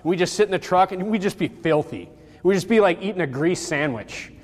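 A high-pitched man preaches in a loose, conversational way, leaning on fillers and voicing each quoted line with gusto. His voice rings out with a long reverb tail, as if filling a large hall. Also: fairly quick. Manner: animated, acts out quotes, frequent fillers. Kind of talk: casual Bible-study sermon.

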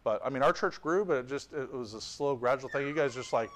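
A man's voice: medium pitch, fast talker, a bit bright, slight background noise. A man preaching a sermon with fervor, reading scripture and adding joking asides. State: tired. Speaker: visiting pastor.

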